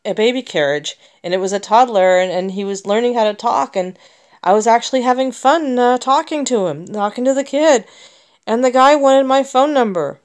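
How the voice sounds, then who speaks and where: American woman with a smooth, resonant voice. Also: fairly high pitch, animated, moderate pace. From United States. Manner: emotional and rambling, many restarts. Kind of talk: personal vlog monologue.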